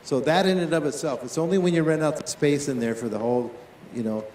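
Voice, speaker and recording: Running a live tennis demonstration, a slightly high-voiced man keeps up a stream of brisk questions for his players and the watching coaches. There's reverb on the sound, plus a faint hiss or hum.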